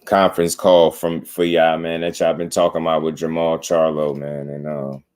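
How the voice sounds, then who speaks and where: Deep-voiced man riffing casually. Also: little pitch movement, normal speed, a little mellow, clear, resonant tone. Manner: slangy, rambling, repeats "you know what I'm saying". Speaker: boxing commentary channel host. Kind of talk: casual reaction commentary.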